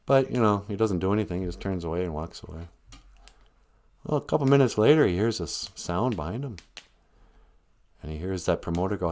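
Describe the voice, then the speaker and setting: A man hosting a live stream, narrating a story in a playful, animated, casual way. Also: lowish voice, normal speed, pauses often.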